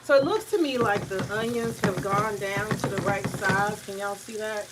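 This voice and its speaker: A woman's voice: medium pitch, moderate pace, distant mic, very noisy. Chatty woman cooking in a kitchen. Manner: chatty, rambling, searches for words. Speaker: home cook vlogger. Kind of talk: casual cooking vlog. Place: home kitchen. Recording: voice a bit off-mic, faint kitchen sizzle.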